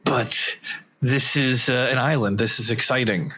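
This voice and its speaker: A man's voice: medium pitch, a little slow, bright, forceful tone, breathy edge. A man playing a confused male traveler stranded on an island, talking hesitantly with stammers in an improv comedy scene. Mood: bewildered.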